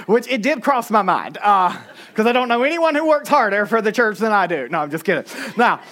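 A man's voice: high voice, lively intonation, fast, fairly bright tone. A middle-aged man, a pastor preaching a sermon into a microphone, emphatic and repetitive with joking asides.

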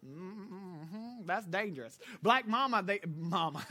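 Taking his time, a pastor with a high-pitched, sharp-toned voice and lively intonation preaches a sermon to his congregation in church. He quizzes them and chuckles at his own jokes.

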